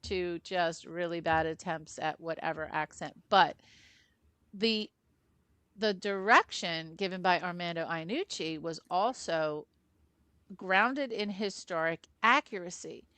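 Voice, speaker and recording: A woman co-hosting a film discussion who explains her views at length and with conviction. Her voice is lowish for a woman and recorded close and dry. She talks in a casual, conversational way. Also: a little slow, a bit bright, smooth, no echo. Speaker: film podcast co-host. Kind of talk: casual chat.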